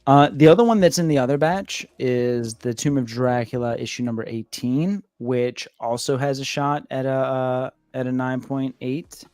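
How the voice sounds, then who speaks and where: A man's voice: medium pitch, steady tone, a little mellow, no room sound. A man hosting a casual live stream, talking loosely with many restarts. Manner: loose, halting, lots of filler restarts. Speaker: comic shop host.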